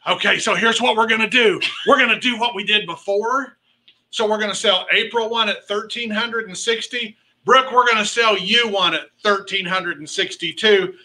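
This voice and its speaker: A man working as an auctioneer at a charity party, calling out bids and teasing bidders in a playful, excitable way. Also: sits high, normal speed, low-quality recording. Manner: calls rising bid amounts.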